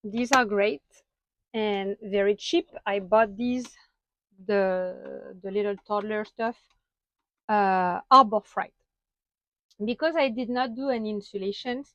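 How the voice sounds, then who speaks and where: French-accented lady vlogging from inside her van, slow and chatty, lots of ums, kinda dull dry sound. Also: mid-range voice, fairly bright tone, no room sound. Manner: chatty, halting with frequent fillers and laughs. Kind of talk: casual van tour vlog.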